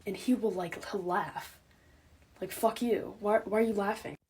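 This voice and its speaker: A young woman doing a casual, sarcastic comedic monologue, animated and quick to laugh. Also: medium pitch, slightly rough. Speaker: comedic creator.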